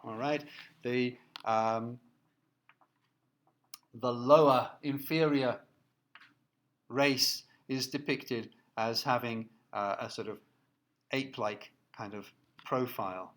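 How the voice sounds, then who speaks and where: A man giving a recorded lecture, explaining slides in a halting way with many fillers and restarts. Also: medium pitch, fairly even intonation, fairly bright tone. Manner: explanatory, asks listeners to look at slides.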